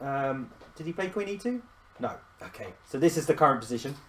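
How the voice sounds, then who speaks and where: A man's voice: a little high, lively intonation, brisk, a bit bright, slight background noise. A man hosting a live chess stream, talking casually and self-deprecatingly, often laughing as he thinks aloud.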